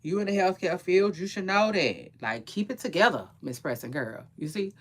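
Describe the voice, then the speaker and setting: A woman's voice: on the low side, lively intonation, normal speed. A young adult woman chatting casually to viewers in AAVE, opinionated and rambling, often repeating words and trailing off mid-thought. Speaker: gossip and entertainment commentator.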